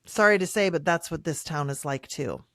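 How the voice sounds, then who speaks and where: A woman voicing a friendly male gas station clerk in a small town, with a folksy, lifted, loud greeting. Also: on the high side, normal speed, dry recording, clean studio sound.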